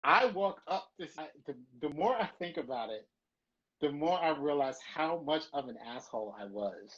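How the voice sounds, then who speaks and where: A middle-aged man from New York telling a story as a podcast guest, animated and profane, acting out the scenes he describes. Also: fairly high pitch, normal speed, husky. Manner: profane, acts out scenes with quoted voices. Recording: slightly muffled lo-fi audio.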